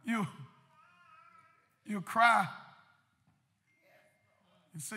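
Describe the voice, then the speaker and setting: A male pastor preaching a sermon in a church sanctuary, his impassioned delivery swelling into shouts and driving through rhythmic repetition. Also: high voice, animated, normal speed, long reverb tail.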